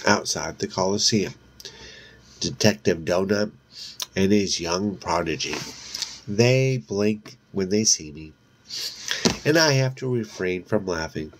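A man reading a novel aloud as narrator, in a measured, steady way with occasional slips. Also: lowish voice. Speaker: audiobook narrator.

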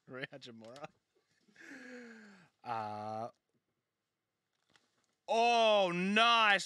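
A man hosting a live trading card break, excitably calling out each card and joking with a co-host. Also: high-pitched, takes it slowly, pauses often, clean tone, no room sound, studio quality. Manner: excitable, banters and jokes while calling out pulled cards. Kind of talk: live case break commentary.

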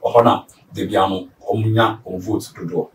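Ghanaian male guest, lowish voice, hesitant with ums, distant echoey mic. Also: little pitch movement, normal speed, slight background noise. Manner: hesitant, with ums, then explaining. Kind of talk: casual talk-show chat.

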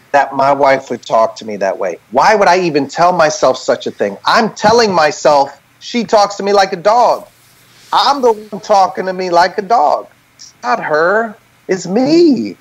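A man speaking as a podcast guest over a video call, telling a candid, reflective story and checking in with "right?" as he makes each point. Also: a little high.

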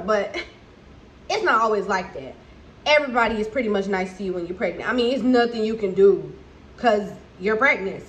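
A pregnant young woman, chatting candidly to camera at home in a vlog with animated asides. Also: on the high side. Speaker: vlogger. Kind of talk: casual chat to camera.

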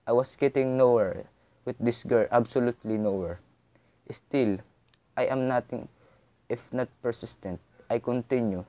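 A man from the Philippines reads a short story aloud in a mellow, darker voice. He trips over words and backs up to restart them. The delivery stays a plain first-person narration. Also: medium pitch, normal speed. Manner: stumbling reading with restarts. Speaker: reader.

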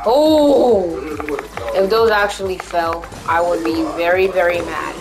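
A young woman playing a video game and commenting, often yelling and cheering at what happens on screen. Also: lowish voice, takes it slowly, rough recording. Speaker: gamer. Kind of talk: let's play commentary. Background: game music.

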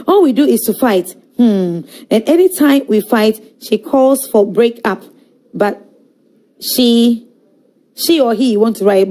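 A middle-aged woman, hosting a live talk show, reading viewer comments aloud in a lively way and laughing often. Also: fairly high pitch. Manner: animated, switching between Twi and English, laughing often.

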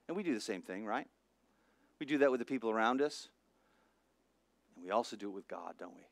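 Animated pastor, dry close sound. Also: male voice, lowish voice, brisk, dry recording. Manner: animated storytelling, acts out voices, swings from soft to loud. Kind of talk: sermon.

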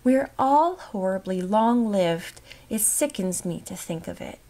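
A lonely, despairing young woman, voiced by a woman reading aloud, dreading the long years ahead. She speaks slowly and heavily with a strained lift in pitch. It is a storybook figure read with quiet anguish. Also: expressive. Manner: slow, despairing. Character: lonely, dreary young woman of twenty-nine.

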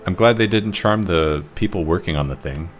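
Deep-voiced man muttering over gameplay. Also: normal speed, soft background music. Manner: muttering to himself, wry and self-mocking. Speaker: gameplay commentator. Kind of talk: casual let's-play commentary.

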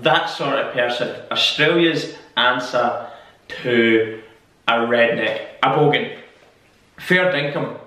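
A man's voice: mid-range voice, fairly bright tone, very echoey, recorded from a distance, rough recording. A Scottish man hosting his own casual vlog, rambling, repeating phrases as he thinks aloud, and swearing now and then. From Scotland. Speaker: YouTube host.

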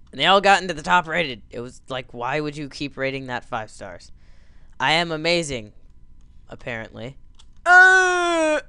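Young guy yelling and joking over a game, slow drawl but swoops up and down a lot. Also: medium pitch, clear, resonant tone, no room sound. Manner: excitable, jokey, yelps and cheers at the action. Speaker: gameplay commentator. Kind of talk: let's play commentary.

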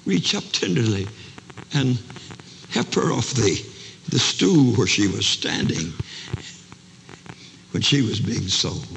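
An older man preaching a dramatic sermon to a large camp meeting, acting out each character's voice, shouting one moment and whispering the next. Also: medium pitch, gravelly. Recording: live sermon recording, long hall reverb, faint noise.

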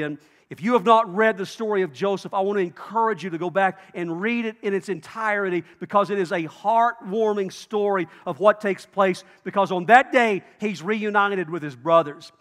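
A pastor preaching a sermon, telling a story expressively and acting out the speakers in it. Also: male voice, high-pitched, normal speed. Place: church sanctuary. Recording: long hall reverb.

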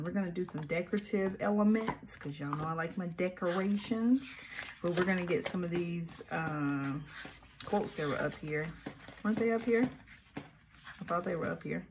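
A middle-aged woman with a lowish voice chats casually and animatedly while decorating her planner, tossing in mock-grumpy asides. She's a planner vlogger doing a plan-with-me session, and there's noise in the background.

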